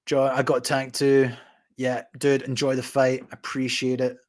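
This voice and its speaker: A man hosting a boxing channel, answering viewer comments on a live stream in a relaxed, chatty way with plenty of fillers. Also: medium pitch, a little slow.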